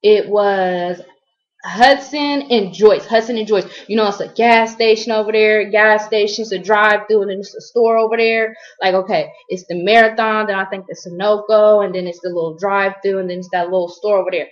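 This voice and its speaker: A woman's voice: mid-range voice, steady tone, fairly quick, dull audio. A woman from Columbus, Ohio, telling a story in a casual vlog, rambling and slangy with lots of fillers. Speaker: vlogger.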